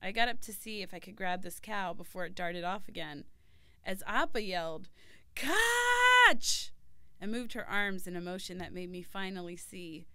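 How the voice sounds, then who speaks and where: A woman's voice: on the low side, fairly even intonation, fairly quick, clean tone, dry recording. A young woman narrating a personal story in an earnest, scripted way. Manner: earnest storytelling, shouting the quoted cries. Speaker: former volunteer telling a story. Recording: narration over loud music.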